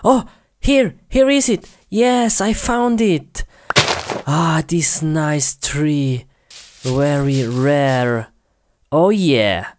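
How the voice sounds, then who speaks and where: A man's voice: medium pitch, very slow, darkish tone, a little hiss or hum. A man playing a raging brute who calls himself Hulk, grunting in simple, broken English. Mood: playful.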